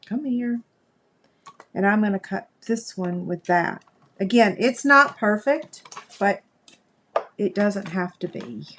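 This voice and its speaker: Chatting with viewers as she works, a woman runs a live craft demonstration in a folksy, talkative style. Her voice is mid-range, with a little background noise.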